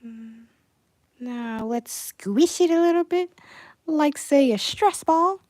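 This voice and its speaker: Young woman, animator livestreaming, lively and chatty, higher voice, dry sound. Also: slow, dry recording. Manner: chatty, reads chat aloud, excitable outbursts. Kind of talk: casual livestream chat while animating.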